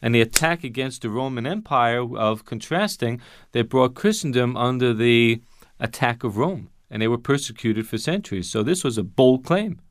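A man's voice: mid-range voice, moderate pace, no room sound, clean studio sound. A man teaching Bible Greek grammar in an emphatic way, asking rhetorical questions and repeating his key points.

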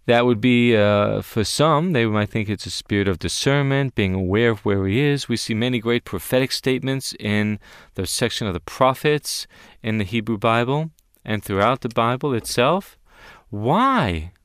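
Male Bible teacher, emphatic and questioning, very animated delivery, dry sound. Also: medium pitch, normal speed, smooth, dry recording. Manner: emphatic, questioning the listeners, stressing key words.

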